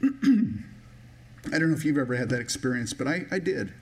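A man's voice: mid-range voice, very fast. A man preaching a sermon in a personal, conversational way, with many restarts and a touch of emotion. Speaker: pastor.

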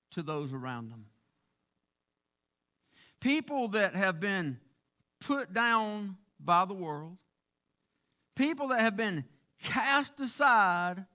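High-voiced preacher, rising and falling. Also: male voice. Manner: swings from soft and slow to loud, rising exhortation. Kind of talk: sermon. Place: church sanctuary.

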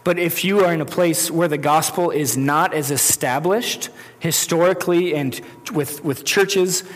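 A male pastor preaching a conversational sermon, correcting himself and acting out quotes as he goes. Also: on the high side. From United States. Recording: long reverb of a hall.

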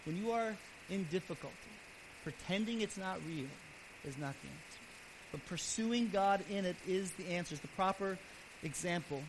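A man pastor preaching a sermon earnestly, his voice swelling louder and then dropping soft. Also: sits high, normal speed. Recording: steady background hiss.

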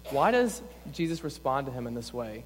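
With faint music behind him, a young adult man who is a campus pastor preaches in a sing-song, medium-pitched voice at normal speed. His delivery is earnest and conversational, often punctuated by "like." Long reverb fills the church hall.

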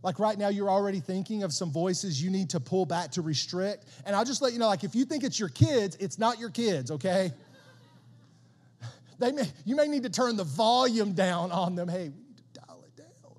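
A man preaching a sermon as a pastor, conversational and animated, often repeating words as he builds a point. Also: high voice, normal speed, long reverb tail.

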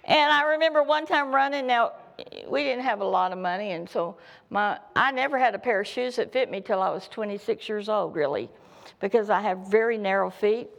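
A woman's voice: mid-range voice, brisk, vocal fry. A middle-aged woman preaching a sermon, telling folksy, humorous personal stories.

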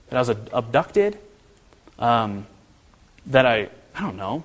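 A man preaching a sermon in a church, earnest and animated, often restarting his phrases. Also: medium pitch, measured pace, long pauses, long reverb tail. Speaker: pastor.

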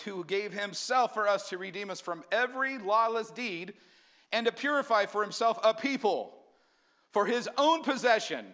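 A man preaching a sermon as pastor, energetic and often asking the congregation questions. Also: sits high.

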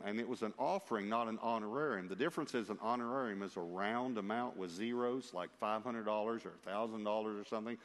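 A male preacher telling a personal story in an emphatic, lively way, with asides to his listeners, in a church. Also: fairly low pitch. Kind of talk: storytelling sermon. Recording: long reverb of a large hall.

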